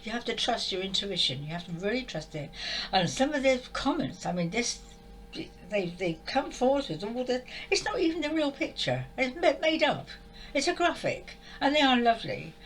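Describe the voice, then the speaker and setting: Older woman, tearful and exasperated, animated rising and falling delivery, heartfelt monologue to camera. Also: a little high, moderate pace, faint music behind, poor audio. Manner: upset, exasperated, repetitive. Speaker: spiritual channel speaker.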